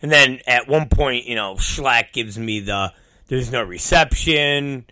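A man talks at an unhurried, drawn-out pace in a bright, forceful voice. He rambles through a casual monologue, cursing freely and running himself down. His pitch sits in an ordinary middle range. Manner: rambling, swears freely, self-deprecating.

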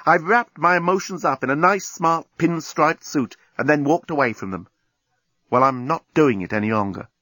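A man's voice: a little high, normal speed, sharp tone, no room sound, pitched above the performer's own voice. A man voicing Lucy, a thoughtful woman who speaks earnestly about her life. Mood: resolute.

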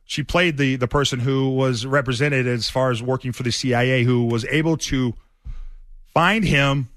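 A man's voice: medium pitch, fairly even intonation, moderate pace, a bit bright, dry recording, clean studio sound. A man hosting a sports radio show, telling stories in a loose, rambling way with many fillers and restarts. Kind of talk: casual sports talk storytelling.

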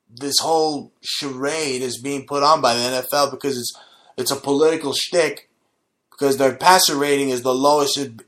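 A man's voice: mid-range voice, a bit bright. A man hosting his own show, delivering a combative, profane, mocking rant. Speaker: show host. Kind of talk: ranting monologue.

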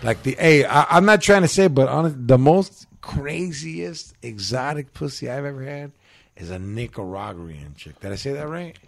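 A man's voice: medium pitch, animated, normal speed, creaky. A young man chatting casually with friends, crude and joking, full of slang. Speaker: friend in group chat. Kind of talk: casual chat.

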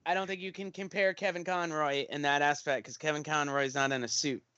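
A man co-hosting a casual podcast chat, arguing his point in an excitable back-and-forth. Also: on the high side, a little fast, dry recording, lo-fi sound. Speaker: podcast co-host.

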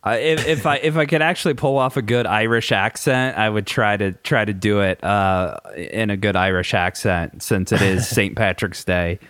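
A man, co-hosting a casual podcast, laid-back and halting, with brief replies. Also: lowish voice, a bit bright, no room sound. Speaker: podcast co-host. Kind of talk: casual chat.

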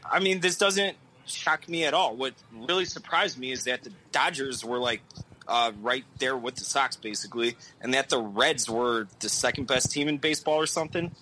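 Blunt bright-voiced male sports co-host. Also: medium pitch, moderate pace, a little hiss or hum, low-quality recording. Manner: blunt, opinionated, swears. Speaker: podcast co-host. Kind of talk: casual sports chat.

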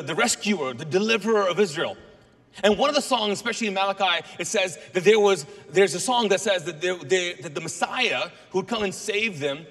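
A man preaching a sermon as a pastor, telling a Bible story with animated asides and acted-out lines for the people in it. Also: sits high, long reverb tail. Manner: animated storytelling, acts out voices of biblical figures.

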